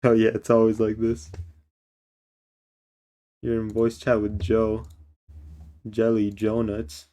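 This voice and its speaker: A man streams a game live, joking with and teasing a friend over voice chat, then reads the game's story text aloud in a slow, measured narrator's voice. His voice sits on the low side, with a completely flat delivery and a dark tone.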